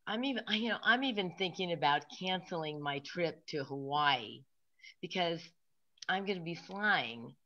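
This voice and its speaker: Low-voiced woman doing a stand-up set. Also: lively intonation, normal speed, dull audio. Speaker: stand-up comic.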